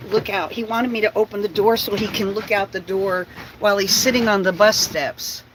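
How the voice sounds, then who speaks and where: A woman vlogger telling a lively story in a casual chat, laughing often and stopping to talk to her dog at home on her bus. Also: mid-range voice, normal speed, slight background noise, low-quality recording.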